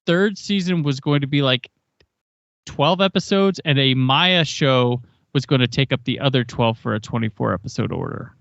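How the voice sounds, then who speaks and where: A man's voice: medium pitch, dry recording, muffled recording. A man hosting a casual podcast, reading a plot summary aloud and then joking and chatting about it. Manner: reads plot summary, then jokes and chats. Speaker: podcast host. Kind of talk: casual podcast chat recapping an episode.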